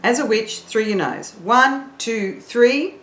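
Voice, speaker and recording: A woman singing teacher leading an online warm-up, encouraging and counting in her learners. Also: fairly high pitch, a little slow, echoey room.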